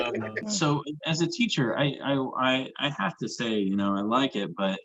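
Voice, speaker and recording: A young man who teaches, doing a stand-up comedy set, halting and self-deprecating, stumbling over restarts and laughing at his own lines. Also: mid-range voice, sing-song, very noisy. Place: comedy club stage with audience laughter.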